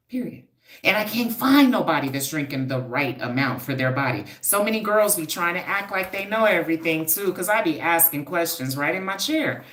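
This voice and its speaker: A low-pitched woman hosts a casual livestream and talks straight to her viewers. She is emphatic and preachy and drives points home by repeating them. Her voice rings in an echoey room. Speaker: livestream host, hair stylist and wellness coach.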